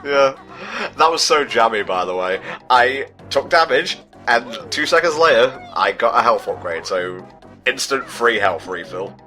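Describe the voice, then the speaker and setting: A man's voice: mid-range voice, expressive, unhurried, sharp tone, soft background music. A British man giving casual, sardonic commentary on a game he plays, often stumbling as he hunts for words. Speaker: let's play commentator.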